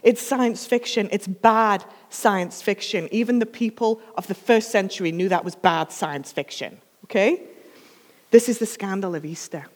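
A woman's voice: medium pitch, normal speed. Coughing woman preacher in a reverberant hall. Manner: casual, emphatic, humorous asides. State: coughing, dry throat. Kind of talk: storytelling sermon.

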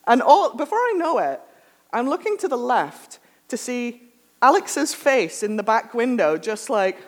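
A woman preacher giving a sermon, telling a lively self-mocking anecdote with humor. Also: a little high, a little slow. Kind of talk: storytelling sermon.

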